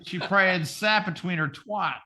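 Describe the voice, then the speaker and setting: A man's voice: high voice, brisk, bright, forceful tone. A man co-hosting a comedy podcast, joking crudely and laughing often as he reads out a story. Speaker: podcast co-host. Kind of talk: casual comedy podcast banter.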